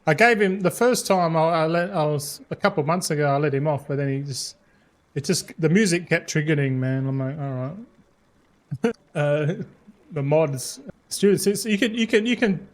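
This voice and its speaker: A man's voice: a little high, moderate pace. A man streaming a game, chatting casually with viewers in a rambling, laid-back way, swearing freely and restarting his words. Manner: slangy and laid-back, says mate and bro.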